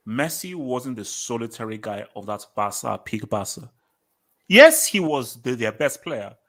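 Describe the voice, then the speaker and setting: A man's voice: mid-range voice, fairly bright tone. A British man hosting a live football talk stream, reading chat messages and arguing his points emphatically, often repeating lines for effect.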